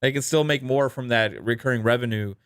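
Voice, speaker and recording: A laid-back podcast co-host, his voice medium-pitched, clear and resonant, reads super chats, thanks viewers and riffs on gaming news at an easy pace. He laughs easily and fills pauses with plenty of ums and uhs. The sound is close and dry, with no room and no echo.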